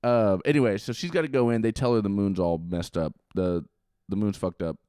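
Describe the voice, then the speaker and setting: A man co-hosting a podcast, recapping a film in casual chat with sarcastic, animated jabs and frequent swearing. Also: on the low side, fairly quick, clear, resonant tone, no room sound, studio quality. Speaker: podcast co-host.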